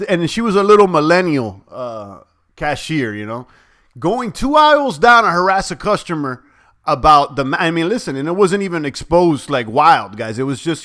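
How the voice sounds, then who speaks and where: A young man hosts a livestream in a casual, rambling style, talking directly to his viewers. His voice sits a little high for a man and has a bright, forceful edge. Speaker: crypto livestream host.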